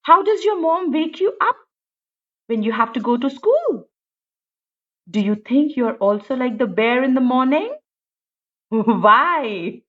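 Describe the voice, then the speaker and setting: Expressive woman teacher. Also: high-pitched, takes it slowly, pauses often. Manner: expressive, sing-song, asks many questions. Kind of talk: storybook read-aloud lesson. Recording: dull lo-fi recording.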